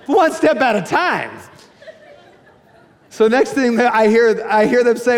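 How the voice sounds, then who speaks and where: Brief: high-pitched male pastor, lively candid sermon storytelling, voice ringing in a long hall reverb. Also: normal speed. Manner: animated, candid, jumps to high excited shouts.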